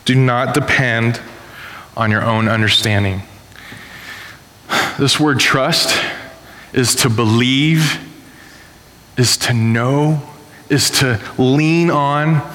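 A man in his thirties preaching a sermon to a congregation in a casual, animated storytelling way. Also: mid-range voice. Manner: animated storytelling, acting out voices. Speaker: pastor. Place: church hall. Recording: echoey hall with long reverb.

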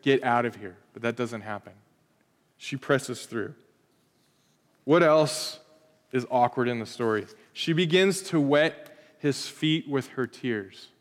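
A man in his thirties, a pastor preaching a sermon, telling stories in an animated, playful way with asides to the congregation. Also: medium pitch, slow, long pauses, long reverb tail.

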